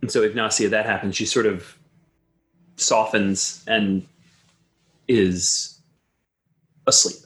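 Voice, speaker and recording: A man with a fairly low voice narrates a tabletop horror game as its game master. He describes scenes and then hands the moment to the players with open questions. Soft music plays faintly beneath. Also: steady tone, takes it slowly, long pauses.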